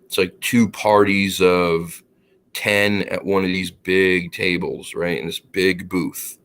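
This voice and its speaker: A man chatting casually on a podcast, telling an anecdote and acting out the dialogue with lively quoted voices. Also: sits low, slow, a little hiss or hum. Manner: animated, acts out quoted dialogue; laughs while telling the story. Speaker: podcast co-host. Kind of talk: casual storytelling chat.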